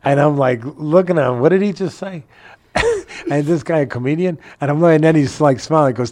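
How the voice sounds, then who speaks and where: Older guy, boxing trainer, telling a funny story on a call from his house, gets animated. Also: on the high side, normal speed. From New York area. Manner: animated, laughs through his anecdote. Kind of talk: casual storytelling in an interview. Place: his home.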